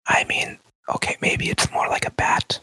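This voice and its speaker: A man voicing a small, blunt young female adventurer in whispered role-play, hushed and offhand. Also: a little fast, dry recording, lightly acted.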